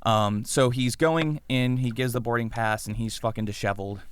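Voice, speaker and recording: A young man casually pitching a movie plot, swearing and acting out the characters as he goes. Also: normal speed, a little hiss or hum. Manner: animated storyteller, swears, does voices for characters. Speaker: podcast co-host pitching a movie idea. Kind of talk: casual chat, acting out scenes.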